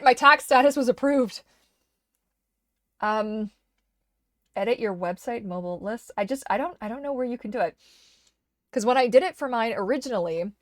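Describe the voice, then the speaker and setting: A woman's voice: medium pitch, no echo, clean studio sound. A woman live streaming from her desk, chatting casually and rambling with many restarts, her voice slightly worn. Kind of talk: casual livestream chat. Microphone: desk microphone.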